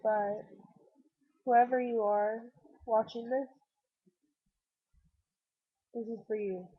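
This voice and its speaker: A woman's voice: fairly high pitch, steady tone, takes it slowly, breathy edge, phone-quality sound. A woman who is sick, talking in a rambling, self-deprecating, earnest way straight to the viewer through her computer's webcam. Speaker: vlogger.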